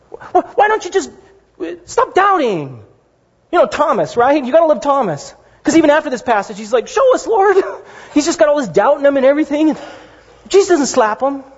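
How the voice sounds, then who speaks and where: Husky high-voiced pastor in a hall. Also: male voice. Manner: conversational, animated storytelling with asides. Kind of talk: sermon. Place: church sanctuary. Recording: dull lo-fi sound in a reverberant hall.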